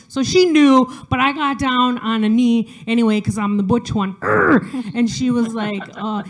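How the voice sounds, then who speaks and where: Woman comic telling stories, kinda high voice, chatty, lots of ums and restarts. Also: normal speed, hardly any pauses. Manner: chatty, self-deprecating, lots of fillers and restarts. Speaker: stand-up comedian. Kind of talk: stand-up set performed remotely. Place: studio, audience not audible.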